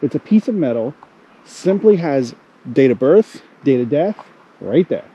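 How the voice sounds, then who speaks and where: Guy rambling out loud while walking a snowy graveyard, lively up-and-down voice, faint traffic hum outside. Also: fairly high pitch, measured pace, low-quality recording. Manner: rambling, musing aloud, lots of "like". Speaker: travel vlogger. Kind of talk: casual walking vlog. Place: snowy cemetery outdoors in winter.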